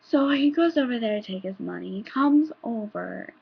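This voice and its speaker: A woman's voice: on the high side, expressive, normal speed, creaky, husky. A young woman vlogger telling stories in a rambling, casual way, with restarts and some swearing, in a dull lo-fi home recording. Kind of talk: casual storytelling.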